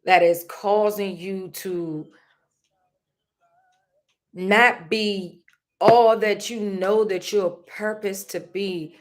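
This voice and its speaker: A woman's voice: medium pitch, fairly even intonation, extremely slow, pauses often. A middle-aged woman, hosting her own show and sharing a personal story in an earnest, prayerful way. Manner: earnest, prays aloud, laughs through a funny memory. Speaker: podcast host.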